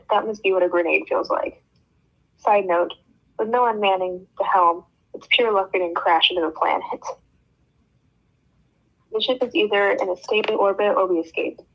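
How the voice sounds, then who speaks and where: Woman reading a novel aloud, lo-fi. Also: medium pitch. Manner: reads expressively, breaks off for joking comments. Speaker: book club reader. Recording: dull lo-fi sound.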